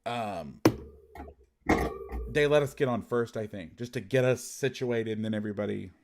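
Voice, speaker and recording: A man's voice: lowish voice, moderate pace, a little mellow, a little hiss or hum. Man casually telling a profane story. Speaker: podcast host and football coach. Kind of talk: casual chat.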